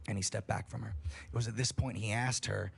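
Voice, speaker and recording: A man's voice: lowish voice, steady tone, fairly quick, creaky, slight background noise. A man on a livestream telling a scary story in a casual, profane way, building suspense. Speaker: streamer.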